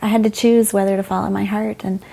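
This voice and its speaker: A woman's voice: medium pitch, level tone, fast talker, creaky, warm tone. A middle-aged woman, a former doctor, telling frank, emotional stories in an interview and quoting people as she goes. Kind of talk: candid conversational storytelling.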